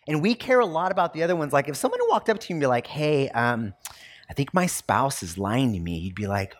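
A man in his thirties preaching a sermon in a loose, conversational way, with lots of fillers and lively storytelling. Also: mid-range voice, a little fast. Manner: conversational and animated, many fillers. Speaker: pastor.

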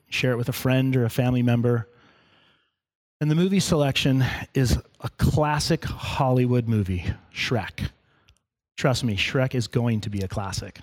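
A man's voice: mid-range voice, normal speed, a little mellow. A man preaching in a church in a conversational sermon, with humorous asides to the congregation. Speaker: pastor.

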